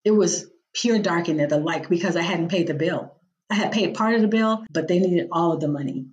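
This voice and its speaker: A woman's voice: fairly low pitch, brisk. A woman guest on a podcast, telling personal faith stories and acting out the voices of the people in them. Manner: vivid storyteller who acts out quoted voices. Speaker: guest, executive director of a nonprofit.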